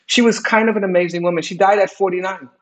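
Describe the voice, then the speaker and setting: A woman's voice: mid-range voice, fairly even intonation, fast talker. An older woman and retired executive, speaking as a guest in a candid interview, emphatic and reflective, often repeating her key phrases for weight.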